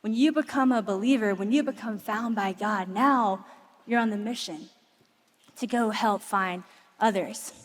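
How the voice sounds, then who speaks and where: A woman preacher giving a passionate sermon to a large crowd, telling stories and dropping into soft, intense moments. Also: medium pitch, a little slow. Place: large arena before thousands. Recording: long hall reverb.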